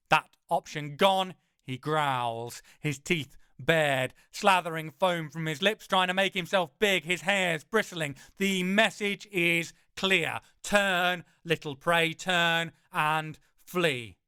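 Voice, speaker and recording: A man narrating a first-person audiobook in a dramatic, wry way, slowing for emphasis. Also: a little high, bright, forceful tone, smooth, no room sound, studio quality.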